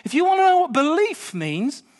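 A middle-aged British man preaching a sermon, swinging between hushed storytelling and impassioned pleading. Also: very high-pitched, very animated, normal speed.

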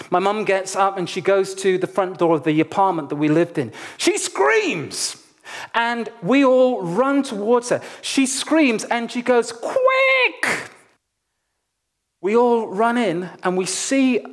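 Guy preaching, fairly high voice, animated and jokey, talks right to the crowd like he's telling a story. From Nigeria. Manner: animated, humorous storyteller addressing a congregation. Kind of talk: sermon with personal storytelling.

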